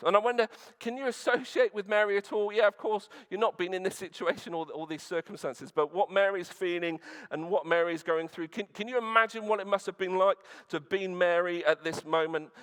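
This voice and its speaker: A man's voice: on the high side, a bit bright, clear, resonant tone. A male pastor preaching a sermon in church, retelling a scripture story earnestly with frequent restarts and fillers.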